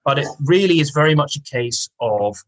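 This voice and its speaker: A man's voice: a little high, expressive, moderate pace, fairly bright tone, rough recording. A man teaching an online English lesson. He explains patiently and repeats key words. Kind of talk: online lesson with reading aloud.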